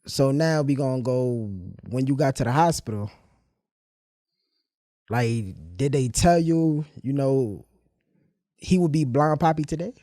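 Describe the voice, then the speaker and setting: A man's voice: mid-range voice, unhurried, pauses often, warm tone, no echo, studio quality. A young man hosting an interview with his mother, asking easygoing, casual questions.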